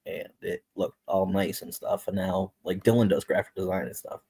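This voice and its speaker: A man's voice: deep voice, steady tone, normal speed, vocal fry, warm tone, slightly rough. A man from upstate New York, a comic writer guesting on a talk show, speaking hesitantly with lots of fillers. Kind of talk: casual chat.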